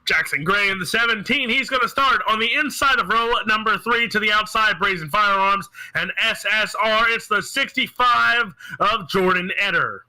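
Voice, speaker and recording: Bright high-voiced male race commentator. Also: moderate pace, hardly any pauses, rough recording. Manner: joking, teasing banter. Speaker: sim racing commentator. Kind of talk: play-by-play commentary.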